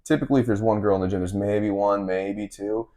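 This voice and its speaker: A man's voice: fairly low pitch, brisk. A man, chatting and telling stories as a podcast host. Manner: storytelling, relaxed and chatty. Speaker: podcast host and fight coach. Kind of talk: casual podcast chat.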